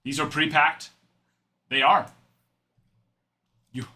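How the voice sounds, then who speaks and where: A man's voice: fairly high pitch, fairly even intonation, slow, bright, forceful tone. A young adult man hosting a live card-break stream, chatting and rambling in asides while he reads out cards.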